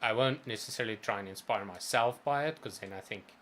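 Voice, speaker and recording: Stream co-host, male, lowish voice, thoughtful and rambling, faint noise behind. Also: fairly quick, a bit bright. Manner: thoughtful, rambling, many restarts. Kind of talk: casual chat.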